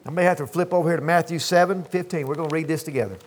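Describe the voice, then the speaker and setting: A man's voice: a little high, very fast. An older man preaching a sermon from the pulpit, folksy and emphatic, calling out to the congregation for responses. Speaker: pastor. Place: church sanctuary.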